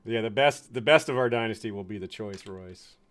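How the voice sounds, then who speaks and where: A man's voice: lowish voice, fairly quick, fairly bright tone. A man from the United States giving chatty, chuckling commentary on a strategy game, fond of puns. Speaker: game streamer.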